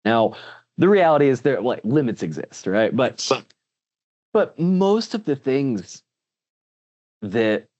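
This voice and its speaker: A man's voice: medium pitch, sing-song, slow pace, pauses often, a little mellow, dull audio. A man speaking as a guest in a casual interview, earnest and full of restarts. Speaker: podcast guest, author.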